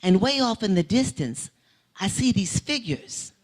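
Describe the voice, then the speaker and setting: A woman's voice: mid-range voice, big pitch swings, a little slow, darkish tone. A woman giving a testimony sermon in a church, telling a vivid story that swells into emphatic preaching. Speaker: guest speaker. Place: church sanctuary.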